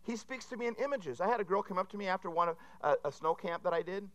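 Bright, forceful male preacher. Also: sits high, quick pace. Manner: animated and conversational, with frequent asides to the audience. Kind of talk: sermon.

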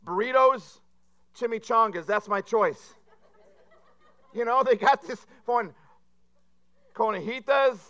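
Male pastor, sermon delivery, self-deprecating humor, high and bright. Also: slow, pauses often, highs cut off. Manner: rambling, self-deprecating joke-telling.

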